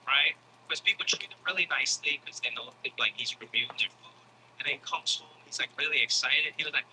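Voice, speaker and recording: A man telling a comic story in a casual, animated style, swearing freely and acting out other people's voices. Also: on the high side, background noise. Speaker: comedian. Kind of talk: stand-up comedy storytelling.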